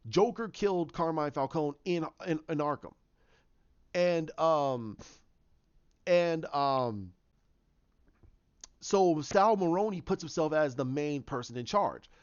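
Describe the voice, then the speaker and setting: A man casually retelling his idea for a film story, rambling and restarting often as he quotes the characters' lines. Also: fairly high pitch. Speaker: fan pitching a film reboot. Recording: dull lo-fi recording.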